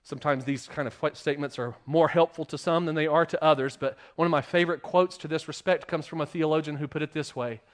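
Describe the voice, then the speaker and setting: A man giving a sermon as pastor, asking the congregation rhetorical questions and swinging between loud emphasis and quiet, hushed lines. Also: on the high side, steady tone, fast, hardly any pauses.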